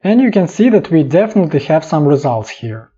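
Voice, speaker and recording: A man narrating a step-by-step software tutorial in calm, clipped instructions. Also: on the high side, a little fast, breathy edge. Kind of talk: step-by-step screen tutorial voice-over. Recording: dull lo-fi voice-over.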